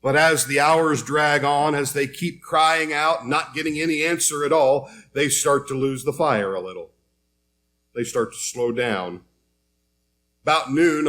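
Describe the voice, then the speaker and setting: Storytelling preacher man, slightly high voice. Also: measured pace, fairly bright tone. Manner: storytelling, conversational, reads scripture aloud. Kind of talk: sermon.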